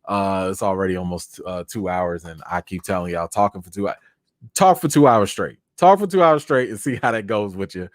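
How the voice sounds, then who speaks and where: A man hosting a casual live chat, answering viewer comments in an animated, talkative way, and by now tired, with his voice wearing out. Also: low voice, a little fast, no room sound, studio quality. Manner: animated, chatty, thanks viewers by name. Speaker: live-stream host.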